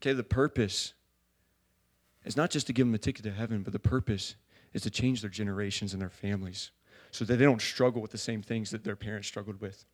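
A man preaching a sermon in a church, talking casually with many fillers and building to loud fervor. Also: fairly low pitch, fairly even intonation, brisk. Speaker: pastor.

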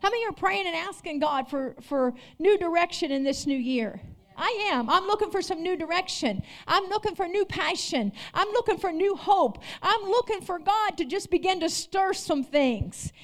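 A woman pastor delivers a sermon in a high voice. She calls out to her congregation and moves between loud, fervent declarations and hushed, intimate storytelling. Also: animated, normal speed. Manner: preaching with call-outs, rising and dropping intensity.

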